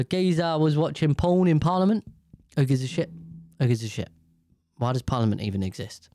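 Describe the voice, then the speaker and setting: A man's voice: mid-range voice, quick pace, dark tone, dry recording, clean studio sound. A British man from the UK in a casual, rambling monologue, swearing freely and airing strong opinions. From United Kingdom.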